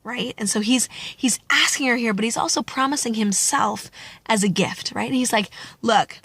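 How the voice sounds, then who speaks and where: Woman talking about the gospel, super chatty and animated, fairly high voice, dry close sound. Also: moderate pace, husky, no room sound. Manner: animated, chatty, acts out quotes. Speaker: Catholic speaker. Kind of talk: casual gospel reflection.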